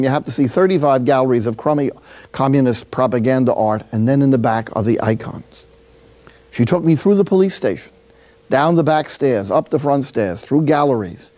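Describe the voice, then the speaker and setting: Mellow-voiced New friar preaching. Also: male voice, medium pitch. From Jersey City, New Jersey. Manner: lively anecdotal storytelling with acted-out dialogue. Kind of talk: storytelling sermon.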